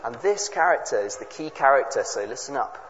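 A man at a family service, reading a Bible story aloud and explaining it to the children in a chatty way, with quick asides to the audience. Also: medium pitch, lively intonation, fairly bright tone. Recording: echoey hall, dull lo-fi sound, faint noise.

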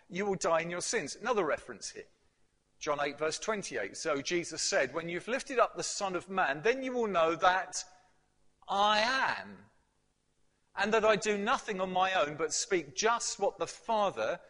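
A man preaching a sermon, emphatic, building to loud climaxes, with fillers and restarts. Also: fairly high pitch. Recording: hall with long reverb.

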